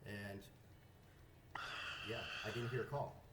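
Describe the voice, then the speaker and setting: A man's voice: fairly low pitch, fairly even intonation, takes it slowly. A man who races, insistently explaining a dispute straight to camera, sounding aggrieved. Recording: roomy clip with background noise.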